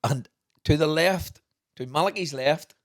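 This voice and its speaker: A middle-aged man, co-hosting a podcast and telling stories in a lively way, laughing often. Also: a little high, measured pace. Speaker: podcast co-host, father. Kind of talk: casual storytelling chat.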